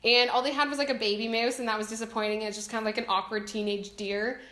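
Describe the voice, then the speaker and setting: A woman's voice: a little high, fairly even intonation, fast, pushed and bright. A young Canadian woman with a Canadian accent, chatting casually and giggling as she answers viewer questions about her home country. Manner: chatty, giggly, self-deprecating. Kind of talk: casual chat. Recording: echoey room.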